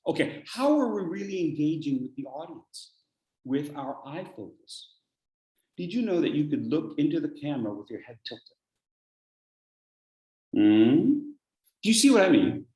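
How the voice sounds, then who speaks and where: A man's voice: fairly high pitch, big pitch swings, normal speed, long pauses, a little mellow. A man presenting a speaking workshop over a video call, playful and teasing, firing off rhetorical questions. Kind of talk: energetic instructional talk. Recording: echoey room.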